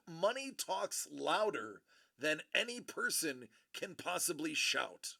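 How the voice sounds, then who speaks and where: A man's voice: on the high side, expressive, unhurried, vocal fry, sharp tone. A man hosting a livestream, telling a rambling, chatty story in a casual way and correcting himself as he goes. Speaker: livestream host. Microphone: streaming microphone.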